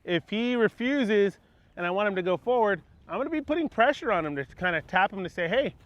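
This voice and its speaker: A horse trainer talking calmly as he works a horse through a gate outdoors, praising it often and explaining each step. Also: high voice, brisk, dry recording. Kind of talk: hands-on training demonstration. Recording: dull lo-fi audio with faint outdoor noise.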